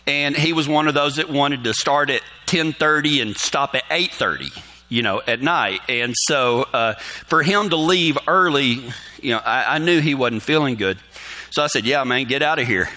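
A middle-aged man with a drawl tells a story to a radio show. His voice sits a bit high, lively and bright, swinging widely in pitch. He stumbles through restarts and acts out the dialogue as he goes. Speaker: radio caller telling a story. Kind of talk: casual storytelling.

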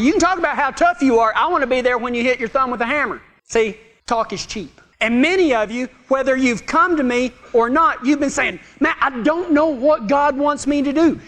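A man preaching a sermon in a folksy, joking way, swinging from loud to hushed. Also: very high voice. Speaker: pastor. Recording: long hall reverb.

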